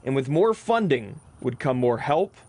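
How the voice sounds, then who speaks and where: A young man reporting sports news for local television in an upbeat, crisp delivery. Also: medium pitch, big pitch swings, measured pace, a little mellow, slight background noise.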